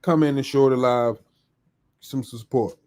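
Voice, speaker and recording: A man's voice: mid-range voice, steady tone, measured pace, a little mellow. A man hosting a live podcast in casual chat, upbeat and slangy as he greets viewers by name. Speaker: podcast host.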